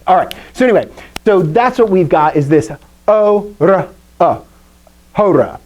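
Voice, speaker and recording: Woman, chatty joking teacher on a video call, very lively pitch. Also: a little slow. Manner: lively, chatty, quizzes the class, jokes. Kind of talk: live classroom lesson.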